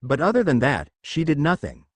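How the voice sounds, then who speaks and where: A man narrating a fan fiction audiobook in an expressive storytelling manner. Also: on the high side, moderate pace, no room sound.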